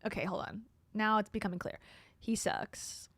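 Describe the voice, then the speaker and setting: A woman's voice: medium pitch, normal speed, husky, dry recording. Sarcastic woman reacting, dry close sound. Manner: sarcastic, blunt. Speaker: reaction video host. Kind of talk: casual reaction commentary.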